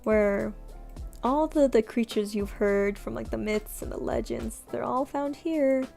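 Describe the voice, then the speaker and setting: A woman's voice: on the high side, unhurried, vocal fry. A young woman streamer chatting casually while she draws, rambling and self-deprecating with many fillers. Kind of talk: casual chat while drawing. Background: soft background music.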